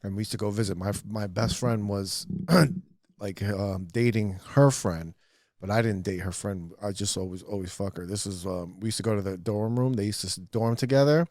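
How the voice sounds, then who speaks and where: A man's voice: fairly low pitch, moderate pace, darkish tone, no echo, studio quality. A man joking and trading crude stories as a guest on a casual podcast. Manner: butts in with jokes and laughs. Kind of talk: casual comedic banter.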